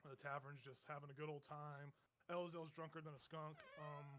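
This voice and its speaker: A man's voice: on the high side, flat delivery, normal speed, a bit bright, slight background noise. A man narrating a tabletop game as game master, describing scenes vividly in a meandering way full of fillers.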